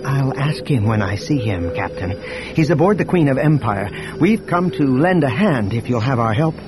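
A man voicing a poised diplomatic woman in an audiobook, crisp and composed. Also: mid-range voice, lively intonation, normal speed, background noise, natural voice. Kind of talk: audiobook character voice.

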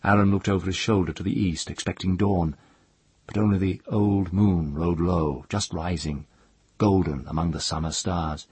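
Deep, raspy-voiced male audiobook narrator. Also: dry recording. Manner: measured, calm storytelling.

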